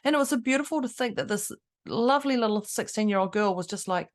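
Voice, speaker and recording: A woman co-hosting a casual mindset podcast, an animated storyteller who acts out the people she quotes. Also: mid-range voice, fast, few pauses. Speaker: podcast co-host.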